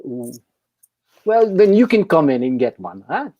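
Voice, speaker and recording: A man's voice: on the high side, big pitch swings, unhurried, muffled recording. A man playing an easily frightened French baker, with a put-on French accent and a flamboyant manner, dropping French words. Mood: charming. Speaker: improv player.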